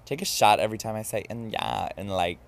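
A man hosting a podcast, telling a drunken night-out story in a campy, animated, casual way. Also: on the low side, fast. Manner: campy and animated, mimics voices in quotes. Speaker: podcast host. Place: New York.

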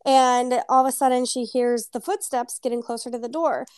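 Female co-host with a fairly high voice, recounts scenes with acted dialogue, dry mic. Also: little pitch movement, brisk, a little mellow, smooth, no echo. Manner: retells scenes acting out lines. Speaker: podcast co-host. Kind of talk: casual book club chat.

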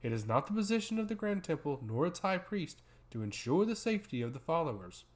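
A man doing a cold, patronizing high priest. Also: very animated, fairly quick, darkish tone. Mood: dismissive. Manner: dismissive, patronizing. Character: cold arrogant older male high priest.

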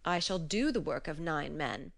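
A woman voicing a calm, cunning male wanderer in a storybook reading, speaking steadily and firmly. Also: sits low, moderate pace, gravelly, full character voice. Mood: steady.

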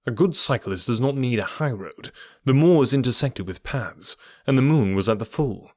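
A man voicing a calm male detective who explains his reasoning step by step. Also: mid-range voice, dry recording, studio quality, lightly acted. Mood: explaining. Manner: measured, methodical explaining.

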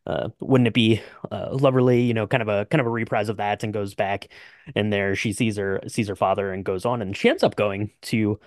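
A man's voice: fairly low pitch, fairly even intonation, brisk, dry recording, studio quality. A young adult man co-hosting a podcast, talking casually about a movie with lots of fillers and restarts. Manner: rambling, many fillers and restarts. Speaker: podcast co-host.

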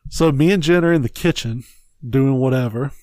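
A man's voice: medium pitch, normal speed, a little mellow, no room sound, studio quality. A man co-hosting a podcast in casual chat, telling long profane stories in a rambling way. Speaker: podcast co-host.

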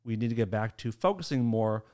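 A man's voice: fairly low pitch, animated, a little fast, darkish tone. A man co-hosting a podcast in casual chat, teasing his co-hosts and laughing often. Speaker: podcast co-host.

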